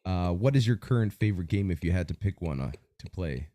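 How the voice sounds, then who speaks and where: Man, podcast host, deep, warm tone, energetic announcer style. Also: fast. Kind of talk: hype-style interview hosting.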